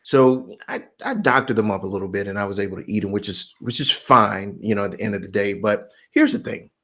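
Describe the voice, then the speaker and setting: A man in his forties hosting a daily reminder, telling a lively motivational story with bursts of mock outrage and laughter. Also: lowish voice, brisk. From United States. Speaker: host of a daily reminder series.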